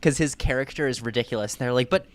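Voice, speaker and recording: A man's voice: medium pitch, quick pace. A man co-hosting a casual film podcast who gushes with praise. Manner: effusive, gushing praise. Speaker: podcast co-host.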